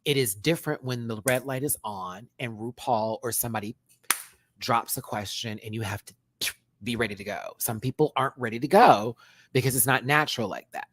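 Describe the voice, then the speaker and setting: A man hosting a live-stream show review, talking in a sassy, animated way and laughing often. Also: medium pitch, a little fast. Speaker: drag show reviewer and channel host.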